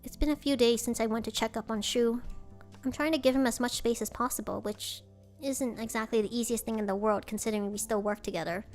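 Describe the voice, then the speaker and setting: A woman's voice: a little high, fairly even intonation, brisk, a little mellow, faint music behind. A woman streamer reading a visual novel aloud, breaking off to react with dismay.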